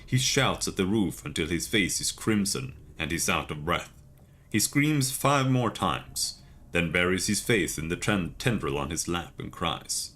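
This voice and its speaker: Man, streamer, reading game text aloud, measured, deep voice. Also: sing-song, a bit bright.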